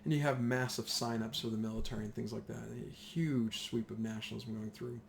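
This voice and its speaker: A man teaching a casual history lesson, chatty and animated, acting out the voices of whole nations. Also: fairly low pitch, a little fast, creaky, a little hiss or hum.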